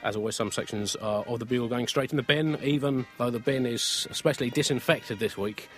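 A man's voice: medium pitch, a little fast, a bit bright, soft background music. A man co-hosting a comic podcast, delivering jokes in a dry, mock-grandiose way. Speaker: podcast co-host.

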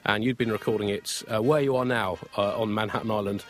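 A man's voice: lowish voice, fairly even intonation, fast talker, soft background music. A man co-hosting a comic podcast, delivering jokes in a dry, mock-grandiose way. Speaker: podcast co-host.

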